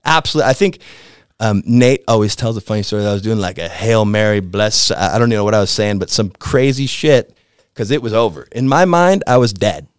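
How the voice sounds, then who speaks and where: A man in his fifties from the American Midwest, a podcast guest telling a story in a laid-back, slangy way that gets animated as it builds. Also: on the low side, brisk, clear, resonant tone, no echo, clean studio sound. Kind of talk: casual storytelling.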